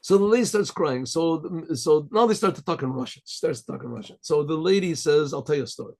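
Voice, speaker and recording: A man's voice: a little high, expressive, a little fast, a little mellow. A rabbi telling a story in a rambling, chatty way, chuckling as he goes.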